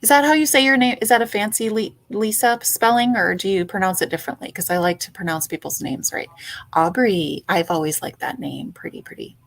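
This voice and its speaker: A woman's voice: mid-range voice, a little fast, vocal fry. A woman hosting a casual livestream, greeting chat viewers by name in a chatty, playful way. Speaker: livestream host.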